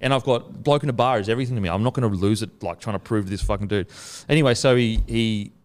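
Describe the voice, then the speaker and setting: A man's voice: lowish voice, quick pace, a little mellow. A man, host of a casual chat, telling a long story with lots of swearing and acted-out quotes. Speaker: podcast host.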